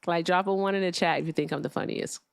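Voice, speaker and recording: A woman's voice: on the low side, fairly even intonation, quick pace, vocal fry, smooth, dry recording. A woman hosting a live call-in debate stream, joking, laughing and sarcastic with callers. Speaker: livestream host.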